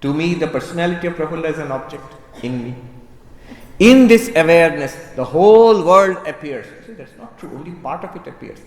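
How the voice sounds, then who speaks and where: Male monk lecturing in a hall; somewhat high voice, emphatic and repetitive, prods the audience, roomy echo. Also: expressive, a little fast. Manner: emphatic, repeating key phrases and challenging listeners directly; conversational, with occasional humor and asides to the audience. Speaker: monk and spiritual teacher. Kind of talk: spiritual lecture to a live audience. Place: large hall at a religious center. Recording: roomy, reverberant hall sound.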